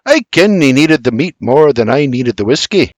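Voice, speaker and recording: A man's voice: medium pitch, big pitch swings, normal speed, no room sound. A man voicing a crafty, boastful bootlegger who speaks in a broad Scottish-style brogue, in an audiobook. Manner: sly, boastful, broad brogue with dialect words.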